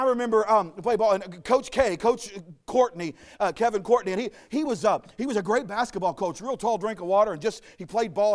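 Preacher man from Arkansas, high voice, folksy joking sermon style. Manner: folksy, joking asides, storytelling.

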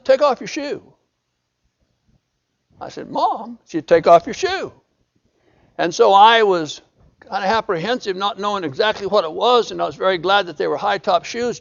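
A man's voice: high-pitched, vocal fry, highs cut off. An older man preaching a sermon, building emphasis with repeated phrases. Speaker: pastor.

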